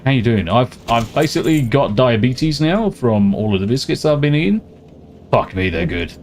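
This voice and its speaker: A man's voice: medium pitch, very animated, normal speed, darkish tone. A British man streaming a game, ranting and swearing freely in casual chat. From Britain. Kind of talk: casual live-stream chat while gaming.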